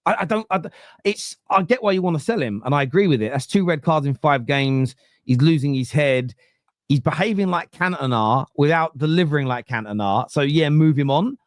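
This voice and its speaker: This football pod host, a London-accented man from East London in his 30s, speaks on the high side and a little fast. Blunt and profane, he's a lively storyteller who performs the quotes as he goes in casual chat. No echo here, just a dry, close recording.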